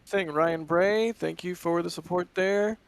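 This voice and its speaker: A man co-hosting live stream commentary and reading viewer messages in a quick, conversational way. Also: high-pitched, steady tone, vocal fry.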